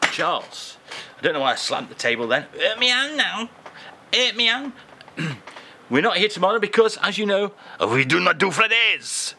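Lively, bright radio host. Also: male voice, high-pitched, normal speed, a little hiss or hum. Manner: playful, teasing, animated. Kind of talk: comic radio banter.

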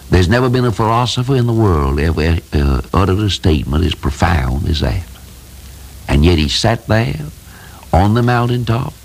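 A man's voice: low voice, vocal fry, breathy edge. A man preaching a sermon in a folksy, plain-spoken, emphatic way, telling simple stories.

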